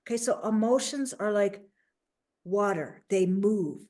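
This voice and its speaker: A woman hosting a casual interview as a life coach, talking in an animated way and acting out little quoted voices. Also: mid-range voice, measured pace.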